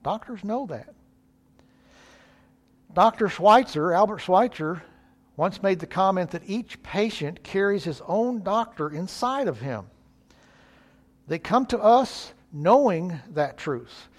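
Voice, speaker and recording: A man's voice: sits high, lively intonation, slow pace, pauses often. A male preacher, giving an earnest, folksy sermon.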